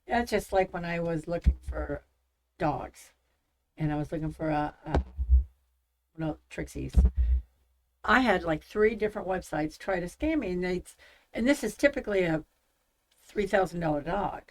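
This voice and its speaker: A woman hosting a casual talk show, chatty and animated when retelling stories. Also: fairly low pitch, moderate pace, pauses often, rough recording. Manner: chatty, acts out scam calls in lively voices. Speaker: podcast host. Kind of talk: casual chat.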